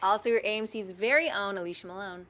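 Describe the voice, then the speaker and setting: A woman's voice: mid-range voice, fast talker, a bit bright. A woman hosting a movie talk show, introducing the panel and reading out viewer questions in an upbeat manner. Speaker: host.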